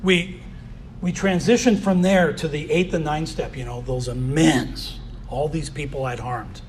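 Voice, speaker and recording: A man's voice: on the high side, steady tone, measured pace, slight background noise. A man giving a candid personal recovery share as a convention speaker, often saying "you know".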